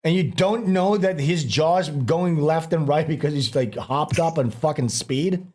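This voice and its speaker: A man hosting a livestream, talking in crude, animated, ranting commentary. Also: a little high, measured pace. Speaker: streamer host.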